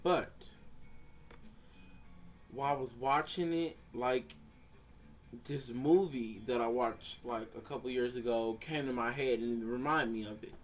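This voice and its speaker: A man's voice: mid-range voice, unhurried, pauses often, slight background noise. A man in a casual video rant, rambling with many fillers and restarts and swearing freely. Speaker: vlogger.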